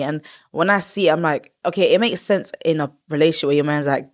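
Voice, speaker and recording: A woman in her twenties hosting a podcast in casual chat. She talks in an expressive, rambling way, with drawn-out groans of disgust. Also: sits low. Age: 20s. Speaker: podcast host.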